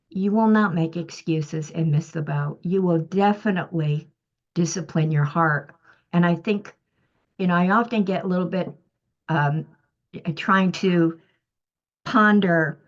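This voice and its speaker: Earnest woman sharing in church group. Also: lowish voice. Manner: emphatic, self-critical, frequent throat clearing. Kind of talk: earnest testimony in a church discussion. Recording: muffled lo-fi recording.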